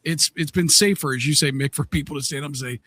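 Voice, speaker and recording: Podcast host guy, kinda high voice, stops and restarts a lot. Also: pushed and bright, a little hiss or hum. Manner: halting, many restarts and fillers. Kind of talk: casual political podcast talk.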